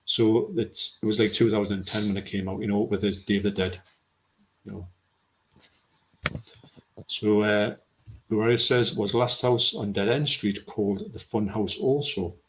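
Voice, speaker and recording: A man with a low voice, co-hosting a casual film chat live stream and reading out viewer comments. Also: steady tone, a little slow, pauses often, a bit bright, slight background noise. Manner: chatty, reads out viewer comments.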